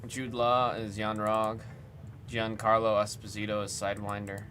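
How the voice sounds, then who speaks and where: This man's voice sits lowish but has a fairly bright tone. Hosting a trading card break livestream, he keeps up casual chatter and reads lists aloud as he operates his computer.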